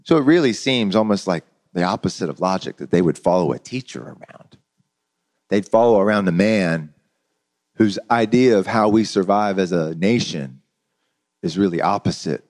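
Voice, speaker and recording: A man's voice: deep voice, moderate pace, darkish tone. A man preaching a sermon in a conversational, storytelling way, often repeating words as he goes. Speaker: pastor.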